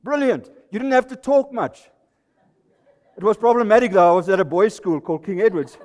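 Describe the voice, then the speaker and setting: A man's voice: high voice, brisk, darkish tone. A South African man in his sixties giving a comic, self-deprecating talk on stage at a live presentation night. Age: 60s. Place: live event venue hall. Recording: reverberant hall recording.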